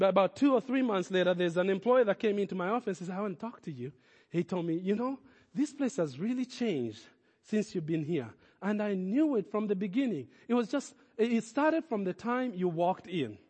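A man's voice: high voice, expressive, moderate pace, darkish tone, long reverb tail. A man preaching a sermon as a pastor, speaking in emphatic, repeated declarations.

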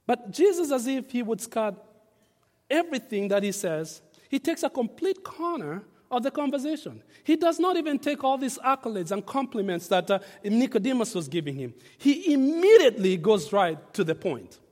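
High-voiced male preacher in a reverberant hall. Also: sing-song, moderate pace. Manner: emphatic, repeats phrases, varies loudness for stress; asks the congregation to read along. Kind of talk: sermon.

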